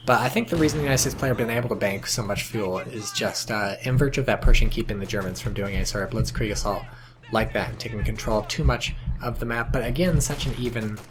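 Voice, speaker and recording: A man casually casting a strategy game match, chatty and sardonic, with sudden excited outbursts. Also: lowish voice, fast. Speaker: game commentator. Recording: noticeable background noise.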